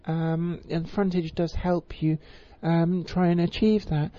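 A woman giving an informal voice tutorial, with crisp, careful enunciation and frequent ums. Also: lowish voice, fairly even intonation, takes it slowly, mellow, dry recording. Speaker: voice coach. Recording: slightly muffled lo-fi recording.

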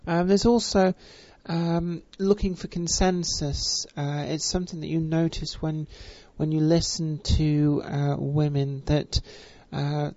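Measured, refined-sounding voice coach. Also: female voice, low voice, fairly even intonation, warm tone, no room sound. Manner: measured, elongated vowels, many fillers. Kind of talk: spoken voice lesson. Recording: dull, dry recording.

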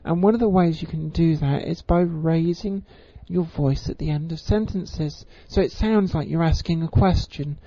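A woman giving an informal voice tutorial, with crisp, careful enunciation and frequent ums. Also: sits low, normal speed, hardly any pauses, dark tone, dry recording. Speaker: voice coach. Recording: slightly muffled lo-fi recording.

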